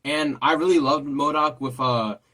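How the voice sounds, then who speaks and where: A man's voice: fairly high pitch, moderate pace, pushed and bright. A man hosting a casual trailer reaction, rambling and repeating himself as he thinks aloud. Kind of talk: casual chat.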